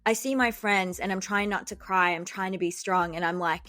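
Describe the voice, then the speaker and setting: A woman's voice: mid-range voice, fairly even intonation, normal speed, a bit bright, no echo. A young woman hosting a podcast, telling a dramatic story with jokes at her own expense. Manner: joking, self-deprecating, dramatic. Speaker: podcast host and doctor. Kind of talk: comic storytelling monologue. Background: faint background music.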